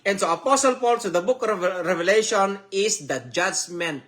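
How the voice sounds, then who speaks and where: A male preacher with a Filipino accent and a fairly high voice. He teaches in a slow, emphatic way, repeating each point for his listeners. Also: fairly bright tone. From Philippines. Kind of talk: sermon teaching.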